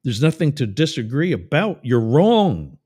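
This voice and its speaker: A man hosting a talk radio show, ranting with sarcasm and telling jokes in an animated way. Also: mid-range voice, a little slow, slightly rough. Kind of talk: talk radio monologue with a live-read ad.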